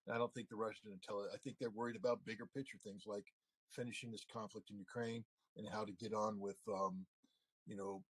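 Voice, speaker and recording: Husky emphatic man. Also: fairly low pitch, flat delivery, fast talker, poor audio. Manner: emphatic, frequent "you know" and "I mean" fillers. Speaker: interview guest. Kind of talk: casual spoken analysis.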